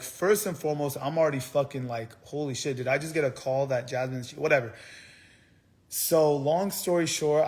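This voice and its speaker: A young man on a live stream, telling a long, angry, rambling story, swearing a lot and restarting his sentences. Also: mid-range voice. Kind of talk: angry livestream rant. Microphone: phone.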